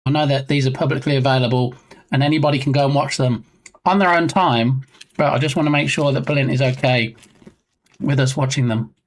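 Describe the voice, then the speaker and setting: A live-stream host chatting casually and joking with viewers, reading out viewer names as they go. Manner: lively swings in pitch. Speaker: livestream host.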